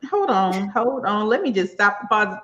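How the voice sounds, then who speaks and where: A woman's voice: mid-range voice, very animated, moderate pace, very noisy. A woman from Louisiana with a Southern accent, hosting a live interview in an enthusiastic, folksy way with lots of affirmations. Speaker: live-stream host. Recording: echoey room, dull lo-fi sound.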